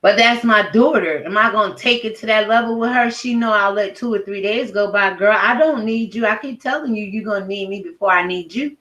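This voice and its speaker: A woman's voice: mid-range voice, a little fast, few pauses, fairly bright tone, muffled recording. A middle-aged woman ranting at home in a blunt, profane, heated commentary video. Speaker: commentary vlogger. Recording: roomy echo.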